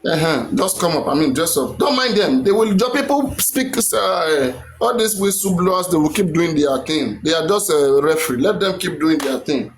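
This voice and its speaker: A Nigerian man with a high voice delivers an emphatic, repetitive rant on a phone live stream. The room is echoey, with faint noise underneath. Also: animated, moderate pace, hardly any pauses.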